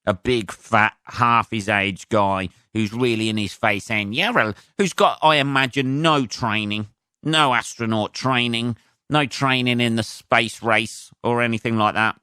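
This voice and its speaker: A man hosting a solo podcast as a comedian, rambling and excitable with plenty of swearing. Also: mid-range voice, a little slow, clean tone, no room sound, studio quality. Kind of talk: casual solo podcast rant.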